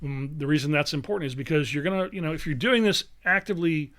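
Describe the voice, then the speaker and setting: A man delivers a live online training session with a slightly raised pitch. He talks in an emphatic, salesy way. He keeps checking in with his listeners with a quick "okay?". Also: fairly bright tone. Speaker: real estate investing coach. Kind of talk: live webinar teaching.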